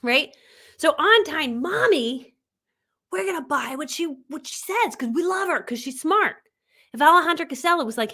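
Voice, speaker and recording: A woman in her forties coaching viewers on a livestream. Her voice sits high and swoops with lively animation. She is chatty and enthusiastic, laughing as she acts out little quoted exchanges. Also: fairly quick. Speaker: online business coach. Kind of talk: live-streamed coaching talk.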